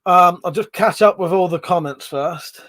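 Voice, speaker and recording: A man's voice: high voice, moderate pace, a bit bright, dry recording. Chatty man on a livestream. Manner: swears freely, chatty, reads viewer comments aloud. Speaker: livestream host. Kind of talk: casual livestream chat reading comments.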